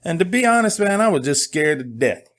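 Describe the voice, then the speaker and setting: A man's voice: on the high side, a little fast. Candid middle-aged man telling a story. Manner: candid, joking, animated storytelling. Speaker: host. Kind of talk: casual monologue.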